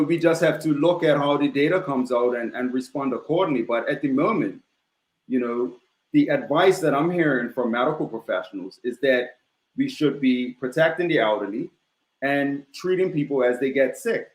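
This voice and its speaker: A man speaking as a guest on a talk show, measured and steady, with frequent "you know" fillers. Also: medium pitch. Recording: roomy echo.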